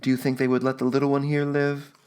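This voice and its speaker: A hoarse, frantic young mother, put on by a male narrator, lifting her voice high above his own as she pleads and goads in a storybook reading. Her words come out strained and pressing, with an edge of desperation. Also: completely flat delivery, fast talker, darkish tone, natural voice. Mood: urgent pleading. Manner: pleading, goading.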